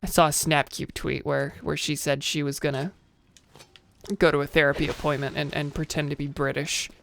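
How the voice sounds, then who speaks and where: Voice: mid-range voice, level tone, moderate pace, creaky, a bit bright. A streamer giving casual, chatty commentary while playing a game, joking at their own expense and tossing out playful nonsense words.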